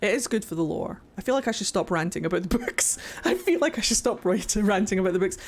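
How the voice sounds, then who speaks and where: A young woman streaming a video game live, talking excitably to chat and swearing freely as she rants. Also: medium pitch, fast talker, hardly any pauses. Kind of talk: live gameplay commentary.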